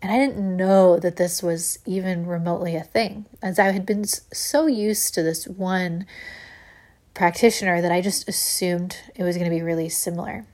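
A woman telling a personal story to listeners in a lively, animated way, laughing often as she speaks. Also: on the low side, normal speed.

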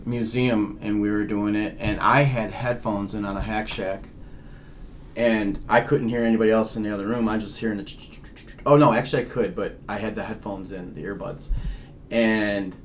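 A man's voice: lowish voice, slight background noise. A man co-hosting a casual talk about ghost hunting, rambling and restarting his sentences. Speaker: paranormal investigator, co-host. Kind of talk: casual podcast chat.

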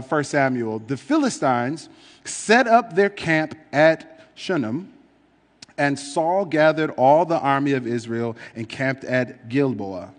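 Chatty preacher man in a big hall. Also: fairly high pitch. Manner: casual, chatty, with frequent fillers. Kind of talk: conversational sermon with scripture reading.

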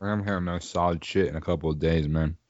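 A young man with a low voice chats loosely on a podcast, swearing freely and laughing between thoughts. His voice comes through a dull, slightly lo-fi recording with a dry sound. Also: steady tone, quick pace, a little mellow, no room sound. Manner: loose, profane, laughs often. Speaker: podcast co-host. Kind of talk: casual chat.

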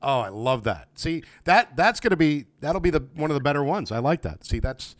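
A man's voice: a little high, big pitch swings, a little fast, dry recording. A man hosting a podcast, talking casually and rambling with friendly fillers and restarts over a remote call. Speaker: podcast host. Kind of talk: casual interview. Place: home, remote video call.

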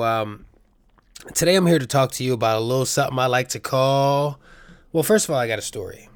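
A man's voice: mid-range voice, smooth, no room sound. Rambling, profane New man. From New York City, the Bronx. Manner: rambling and profane, full of tangents and asides. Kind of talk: casual monologue.

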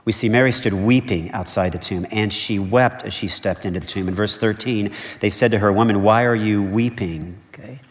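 A man's voice: on the low side, a little fast, few pauses. A man preaching a sermon as pastor, earnest and conversational, repeating his key points and checking in with "okay?". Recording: long reverb of a large hall.

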